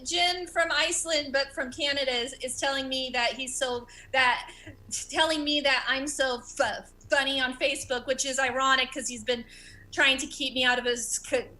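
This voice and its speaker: A woman in her thirties performs stand-up over a video call, stuttering openly as she jokes about herself. Her voice sits high and bright. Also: fairly even intonation, normal speed, low-quality recording. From America. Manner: stutters, self-deprecating. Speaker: stand-up comedian.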